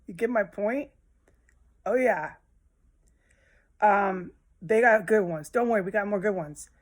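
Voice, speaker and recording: A woman's voice: mid-range voice, a little slow. Agitated rambling woman. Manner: agitated, rambling, profane, restarts often. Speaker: social media commentator. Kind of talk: rambling monologue.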